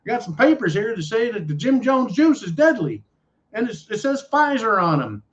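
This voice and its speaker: A man's voice: high voice, very animated, normal speed, pitched above the performer's own voice. A man putting on a rowdy Southern hillbilly drawl. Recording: dull lo-fi audio.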